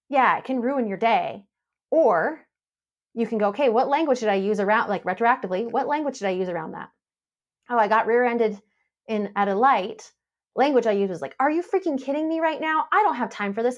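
A woman talks as a podcast guest, easy and conversational. She tells stories with lively swings, briefly voicing herself and others. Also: medium pitch. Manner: animated storytelling, acts out her own past lines. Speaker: podcast guest, happiness mentor. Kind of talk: casual podcast interview.

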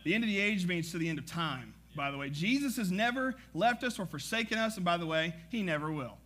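A man preaching a sermon as pastor, energetic and conversational, with frequent asides to the congregation. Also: sits high, a little fast.

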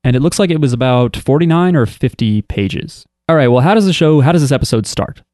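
A man co-hosting a casual podcast chat, animated and jokey, often acting out silly voices when quoting. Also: medium pitch, brisk, dry recording. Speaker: podcast co-host.

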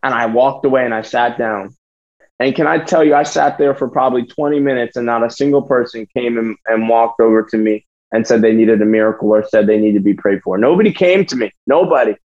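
A man's voice: medium pitch, a little fast, darkish tone. A man preaching a sermon to students, emphatic and repeating phrases. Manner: emphatic, repeats phrases, acts out his own thoughts. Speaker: youth preacher. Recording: dull lo-fi sound.

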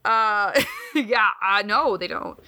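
A woman co-hosting a podcast in casual chat, talking in an animated, swearing, self-mocking way. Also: mid-range voice, slow. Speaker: podcast co-host.

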